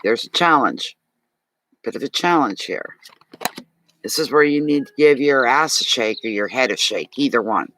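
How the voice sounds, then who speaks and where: A man's voice: medium pitch, lively intonation, moderate pace, sharp tone, poor audio. A man with a Maritime Canadian accent giving a live tarot reading, talking chattily and animatedly to his viewers and answering chat comments. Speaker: tarot reader.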